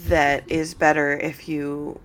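A woman co-hosting a podcast, blunt and excitable, swearing freely in casual chat. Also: deep voice, slow, a little hiss or hum. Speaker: podcast co-host.

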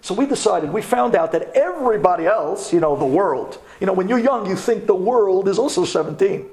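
Rabbi telling a story to a class, high voice that swings widely, dramatic, drops to hushed tones at tense moments. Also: male voice, brisk. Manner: animated, dramatic storytelling with sudden drops to a hush.

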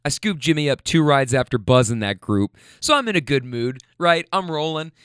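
A man who hosts a podcast and drives rideshare, telling a profane, animated story in a casual monologue. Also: medium pitch, clear, resonant tone, no room sound, clean studio sound.

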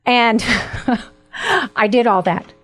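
A woman hosting a Christian talk show, telling stories in a chatty, animated way with frequent laughs. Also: fairly high pitch, drawn-out words, faint music behind. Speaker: host.

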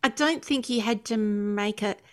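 A woman co-hosting a casual chat podcast, talking haltingly with many fillers. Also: mid-range voice. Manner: hesitant, lots of fillers and restarts. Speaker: podcast co-host.

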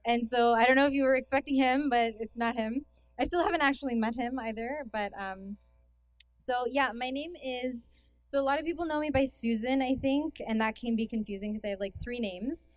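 Young Canadian woman, relaxed conference speaker, chatty and self-deprecating, dry close mic. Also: fairly high pitch, fairly quick, dry recording. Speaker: guest speaker. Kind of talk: casual talk to a youth conference. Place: hall with an audience.

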